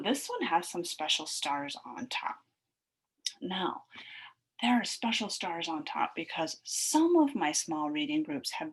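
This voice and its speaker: Slow, husky woman teacher sounding out words. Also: medium pitch. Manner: slow, sing-song, sounds out word chunks. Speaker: elementary school teacher. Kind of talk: recorded phonics lesson for children.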